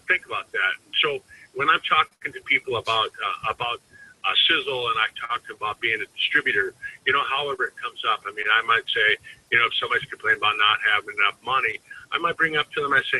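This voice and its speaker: A man's voice: medium pitch, fast talker, sharp tone, husky, poor audio. A man giving an informal sales training talk as a network marketing team trainer, rambling and conversational with frequent restarts.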